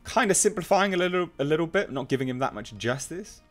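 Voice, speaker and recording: A man's voice: fairly high pitch, animated, fast, faint music behind. A man giving opinionated commentary, reading out online comments and mocking them with emphatic scorn. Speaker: commentary youtuber.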